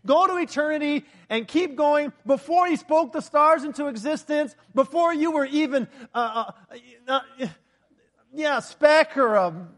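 A man with a strikingly high voice delivers a sermon. He is animated and joking, throws rhetorical questions at the congregation and breaks into loud bursts. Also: unhurried. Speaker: preacher.

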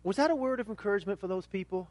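A male pastor preaching with a noticeably high-pitched voice. He builds emphatic questions to a loud peak, then sinks into a quiet, intense delivery. The sound is dry and close, with no room echo. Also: very fast. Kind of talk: sermon.

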